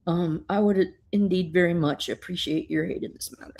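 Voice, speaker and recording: A grieving old man with folksy, courteous rambling, put on by a woman. He is polite and wanders through his thanks. The voice sits low. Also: fairly even intonation, fairly quick, darkish tone, lightly acted.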